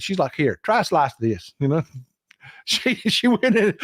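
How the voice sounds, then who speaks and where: Man, Texan accent, middle-aged, livestream host, folksy chat, slightly high voice, dry close mic. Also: big pitch swings, moderate pace, dry recording. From Texas. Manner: folksy storyteller, chatty and emphatic. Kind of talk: casual chat.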